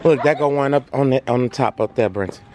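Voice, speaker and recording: A man vlogs with his family outdoors in a breezy backyard, using a handheld phone, chatting loosely to his audience and cheering for his children. He talks fast in a mid-range voice, and the phone recording picks up the wind.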